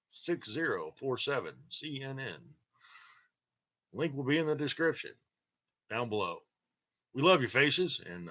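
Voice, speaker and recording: A man's voice: mid-range voice, pushed and bright, lo-fi sound. Joking man rambling on a stream. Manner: joking, rambling, laughs often. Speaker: channel host. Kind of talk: casual rambling livestream monologue.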